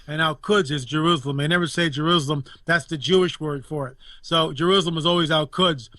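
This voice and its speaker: An indignant man holds forth as a guest commentator, hammering points home with repetition. His voice sits a little high and comes across bright and forceful. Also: quick pace, few pauses, no room sound. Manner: emphatic, indignant, repeats phrases for effect. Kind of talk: impassioned political talk.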